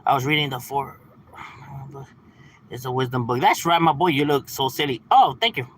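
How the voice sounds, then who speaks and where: Here the livestream host, a thirtysomething man from San Fernando Valley, California, speaks in a mid-range voice at normal speed. He's relaxed, slangy, and quick to laugh as he talks casually. The recording is low quality, with a little hiss or hum.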